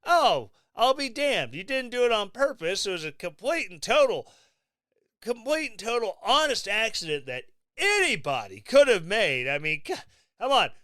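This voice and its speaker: A man hosting his own podcast, giving sarcastic, mocking political commentary in a casual, animated way. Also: high-pitched, normal speed, no room sound, clean studio sound. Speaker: podcast host.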